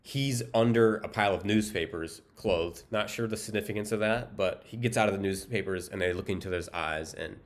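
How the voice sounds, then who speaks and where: A man with a very deep voice retells a movie plot in a loose, joking way. He rambles along in a deadpan tone and leans on plenty of "um"s and "like"s. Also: brisk, hardly any pauses. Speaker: movie recap host. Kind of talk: casual comedic film recap.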